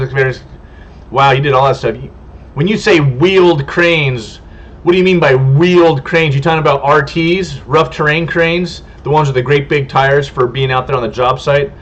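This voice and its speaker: A man from California hosts a casual homestead channel livestream, reading viewer comments and chatting in a rambling, friendly way while stumbling over names. His voice is fairly high and a bit bright, captured in dull lo-fi stream audio.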